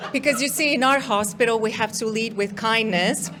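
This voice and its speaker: A woman from Europe with an American-sounding accent, a guest comedian telling a story in a casual, playful way. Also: on the high side. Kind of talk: stand-up storytelling. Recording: audible background noise.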